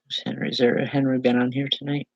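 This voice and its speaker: A woman medium giving a live spiritual reading to viewers, speaking in halting, repeated phrases with soft reassurance. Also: rumbling low, flat delivery, no echo, dull audio. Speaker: psychic medium.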